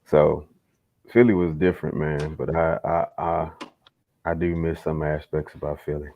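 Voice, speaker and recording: A man's voice: extremely low pitch, fairly even intonation, moderate pace, vocal fry, phone-quality sound, a little hiss or hum. A young man hosting a casual livestream chat, laid-back, swearing freely and laughing often. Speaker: host.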